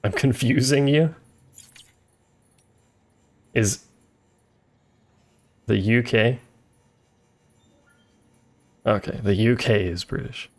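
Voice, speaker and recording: A man's voice: mid-range voice, drawn-out words, pauses often. A man streaming a game, giving casual, joking commentary and chatting with viewers. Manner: joking, chatty, talks to chat. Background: faint game music.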